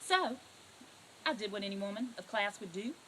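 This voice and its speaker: Animated folksy Southern woman host. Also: mid-range voice, moderate pace, slight background noise, poor audio. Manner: folksy, animated storytelling with sudden loud outbursts. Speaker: talk show host. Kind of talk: comedic monologue to camera.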